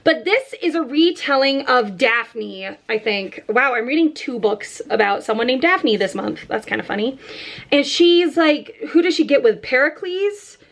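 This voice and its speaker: A woman chatting casually about the books she plans to read, talking fast and loosely with many fillers as she goes. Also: sits high, lively intonation, a bit bright. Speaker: book vlogger.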